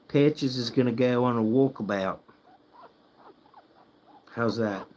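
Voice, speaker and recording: A man hosting a pet channel's late-night livestream, sleepy, soft-spoken and cooing to his guinea pigs at home. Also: mid-range voice, takes it slowly, rough recording.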